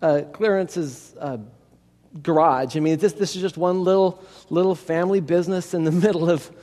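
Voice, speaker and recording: A male storyteller in an oral storytelling performance, chatty and digressive, addressing his listeners directly. His voice is high for a man, and a long reverb trails through a large hall. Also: moderate pace, warm tone.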